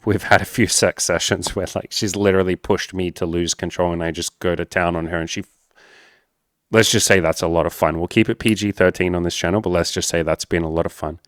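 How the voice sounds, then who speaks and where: Male dating coach, low voice, frank and sweary, talks straight to camera; dry recording. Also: fairly even intonation, brisk, dry recording. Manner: candid and blunt, swears freely; addresses viewers as guys. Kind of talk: casual talk to camera.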